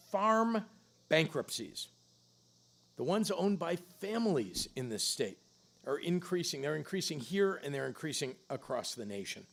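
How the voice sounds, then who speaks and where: A middle-aged man delivers a political stump speech into a podium microphone. His voice sits a little high and carries a gravelly rasp. He pushes out loud punches and drops low for the grave points. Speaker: governor giving a campaign speech. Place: public campaign event.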